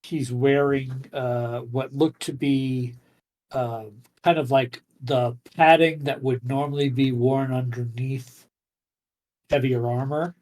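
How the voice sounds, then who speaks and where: A game master narrating a tabletop game, describing scenes haltingly with many pauses and fillers. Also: mid-range voice, fairly even intonation, darkish tone, rough recording.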